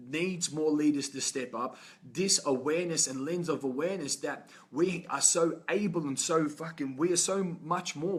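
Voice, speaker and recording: Aussie guy preaching on a phone livestream, swears a lot, kinda high voice. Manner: profane, fervent, preachy. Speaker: motivational coach. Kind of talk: live-stream motivational talk. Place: hotel, indoors.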